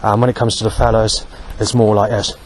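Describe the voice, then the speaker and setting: Brief: low-voiced man, rambling vlog monologue, faint street noise behind. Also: little pitch movement, brisk. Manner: rambling, with many fillers. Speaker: vlogger. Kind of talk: walking monologue. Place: outdoors on a street.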